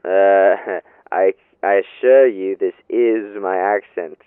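A man's voice: low voice, animated, moderate pace, creaky, dry recording, phone-quality sound. An actor playing a defensive landlord under interrogation, who blusters and stammers his denials. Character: defensive middle-aged male landlord suspect.

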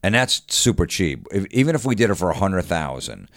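Man, very low voice, dry close sound, casual podcast storytelling, mimics people. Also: brisk, dry recording. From Florida. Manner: animated storyteller, acts out quoted voices. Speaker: podcast guest, comedian.

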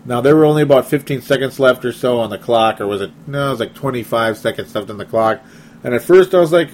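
A chatty man hosts a casual sports talk podcast in a voice of middling pitch. He reads listener comments aloud, laughs often and pokes fun at himself. A faint hiss of noise sits under the recording. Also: fairly quick.

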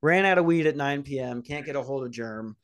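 A man's voice: mid-range voice, brisk, fairly bright tone. A young man casually telling a rambling story on a podcast, swearing and acting out quotes. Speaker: podcast host.

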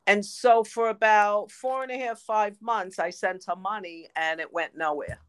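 A woman telling her own story as a podcast guest, lively and quick to laugh. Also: medium pitch, clean tone, dry recording. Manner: lively, laughs often between phrases. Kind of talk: storytelling in interview.

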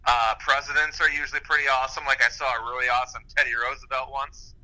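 A man talks over a phone while pacing, his voice very bright and sharp-edged. He rambles through casual chat and laughs easily, with an average pitch. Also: flat delivery, fast talker, rough recording.

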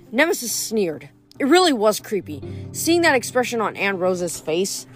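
Woman, novel reader, lively expressive pitch, faint background music. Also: normal speed. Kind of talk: reading a novel aloud.

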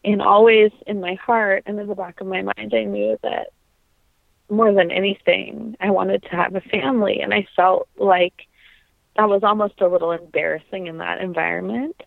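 Young woman singer in an interview, thoughtful and earnest, a bit of vocal fry, tinny dry line. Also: mid-range voice, steady tone, normal speed, no room sound. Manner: thoughtful, earnest, many ums and restarts. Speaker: interview guest, trained singer. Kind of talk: reflective conversational interview.

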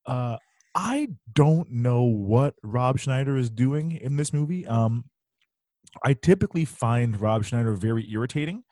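A man's voice: medium pitch, expressive, a little slow, mellow, no room sound. A chatty man talking movies on a podcast, his voice sitting in a middle register. He laughs easily and swears now and then. The recording is dry and close, with no room sound. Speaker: podcast co-host. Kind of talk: casual chat about a movie.

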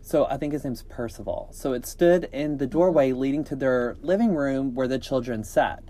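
A man reads a scary story aloud for a podcast in a mellow, warm voice. He keeps it casual, stumbling on a word here and there and breaking off for joking asides. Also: mid-range voice, normal speed. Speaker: podcast host reading scary stories.

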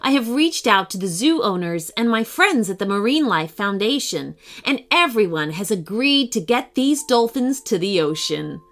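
A woman voicing a kind, composed woman governor who speaks in a gracious, reassuring, measured way. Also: mid-range voice, very animated.

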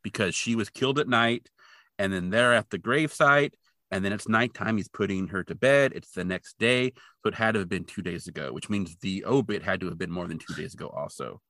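A man co-hosting a podcast, chatting and joking in an animated way. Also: a little fast, no room sound. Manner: animated, jokey, pitch jumps when excited. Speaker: podcast co-host. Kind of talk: casual chat.

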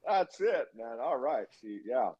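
A man in his fifties, a guest telling his own story in a casual interview, animated and swearing freely as he acts out what people said. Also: mid-range voice, a little slow, breathy edge, dull audio.

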